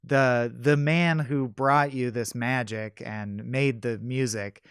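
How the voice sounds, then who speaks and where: Male co-host with a smooth voice and a dry close mic, chatty and eager. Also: medium pitch, steady tone, slow, fairly bright tone, no room sound. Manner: enthusiastic, acts out quoted dialogue. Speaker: podcast co-host. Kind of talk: casual film discussion.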